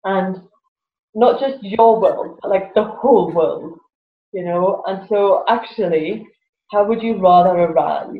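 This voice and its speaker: A woman's voice: medium pitch, a little slow. A woman, a guest in an interview, telling stories animatedly, laughing often and acting out voices. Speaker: guest, laughter yoga teacher. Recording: roomy, slightly dull sound with faint music.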